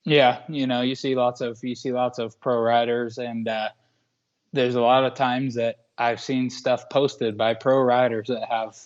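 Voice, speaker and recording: Twenty-something guy from washington, flat monotone voice, muffled lo-fi sound, lots of ums. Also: mid-range voice. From Washington State, USA. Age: 20s. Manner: earnest, halting, with many "um"s. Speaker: guest. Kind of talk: casual interview chat.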